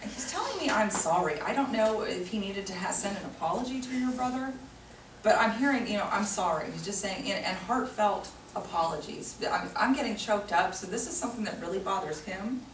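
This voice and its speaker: A woman working as a psychic medium who gives a group reading to an audience, talking in a warm, chatty way full of "you know.". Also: medium pitch, animated, a little fast, distant mic. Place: room with a small audience. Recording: echoey room recorded from afar, noisy.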